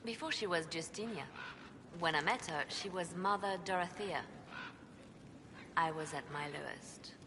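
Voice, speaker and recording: A calm, secretive spymaster in a game. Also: female voice, lowish voice. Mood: reflective. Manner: calm, measured, quietly intense. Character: composed female spymaster, secretive and devoted. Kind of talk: video game dialogue. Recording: game audio with ambient noise.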